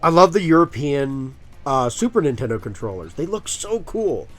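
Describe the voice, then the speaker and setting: A man's voice: on the high side, big pitch swings, normal speed, fairly bright tone, soft background music. A man chatting casually while playing a video game, rambling with plenty of likes and uhs. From United States. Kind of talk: let's-play commentary.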